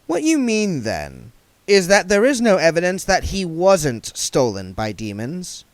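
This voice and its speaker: A man's voice: high-pitched, wildly swooping pitch, measured pace, dry recording, pitched above the performer's own voice, full character voice. A man doing an earnest young reporter. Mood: skeptical. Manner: earnest, pointed questions.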